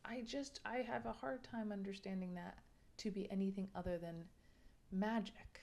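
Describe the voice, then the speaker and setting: A woman's voice: mid-range voice, fairly even intonation, moderate pace, creaky, darkish tone. A young adult woman giving a casual, exasperated book review rant. She swears freely and drops into a whisper for emphasis.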